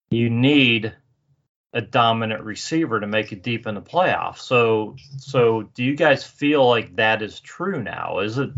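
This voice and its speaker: A man's voice: medium pitch, fairly bright tone, muffled recording. A man co-hosting a sports podcast, chatting casually and hesitantly, with many fillers. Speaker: podcast co-host.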